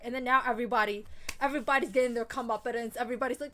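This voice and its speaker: A fairly high-voiced woman streams a game and chats on and on in a loose, excitable way. She rambles, gushes and swears without a second thought. It sounds like an easygoing live gaming stream. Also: racing. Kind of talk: casual gaming stream chat.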